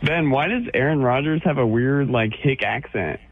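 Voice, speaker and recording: A man's voice: medium pitch, moderate pace, no room sound. A man calling into a radio show, ribbing the host with rambling, laughing banter. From Orange County, California. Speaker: caller. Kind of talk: joking call-in banter. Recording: phone line.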